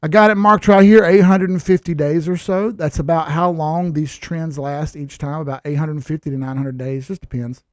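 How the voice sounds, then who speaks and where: A man's voice: a little high, steady tone, normal speed, few pauses, darkish tone, dry recording, clean studio sound. A man hosting casual crypto chart commentary who talks in a blunt, lecturing way with sarcastic asides. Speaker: crypto chart analyst host.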